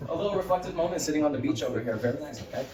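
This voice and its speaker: A man demonstrating a children's English lesson to a room of teachers, switching into an excited classroom voice. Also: a little high, rapid-fire, far from the mic. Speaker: teacher trainer. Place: training room with other teachers. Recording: echoey room, picked up from afar.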